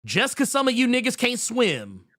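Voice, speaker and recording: A man's voice: very high voice, huge pitch swings, normal speed, a bit bright. A man co-hosting a comics podcast, ranting in a heated, profane way with lots of restarts while reading out viewer messages. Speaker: podcast co-host.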